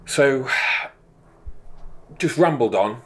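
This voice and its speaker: A man's voice: mid-range voice, lively intonation, extremely slow. A man, co-hosting a casual fitness podcast, rambling and swearing as he mocks himself. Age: 30s. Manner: rambling, sweary, self-mocking. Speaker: podcast co-host. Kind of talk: casual banter.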